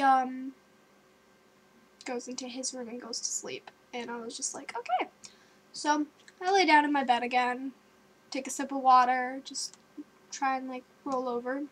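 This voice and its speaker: A young woman casually telling a story to her webcam at home, animated and jumpy, with gasps, sudden loud outbursts and lots of likes and ums. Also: high voice, normal speed, long pauses, a little hiss or hum. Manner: filler-heavy, with many likes and ums. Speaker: vlogger.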